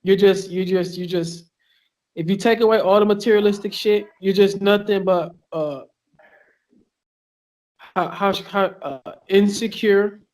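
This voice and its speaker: A man's voice: high-pitched, steady tone, a little slow, pauses often, a little mellow. A man, a professional fighter, talking casually in an interview, rambling with lots of fillers, restarts and profanity. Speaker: UFC fighter guest. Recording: online call with lag.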